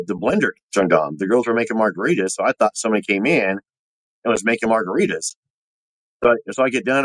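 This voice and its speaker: Male guest, low-pitched, rambling and animated, voices the people in his stories, dry recording. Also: dry recording, low-quality recording. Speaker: podcast guest, former Army Ranger. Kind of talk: casual storytelling of personal ghost stories.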